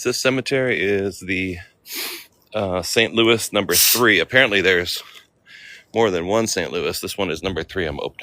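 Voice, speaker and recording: Low-voiced man vlogging outdoors. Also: bright, forceful tone. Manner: chatty, reads names aloud, greets viewers. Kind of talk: casual livestream walk-and-talk. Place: outdoor cemetery.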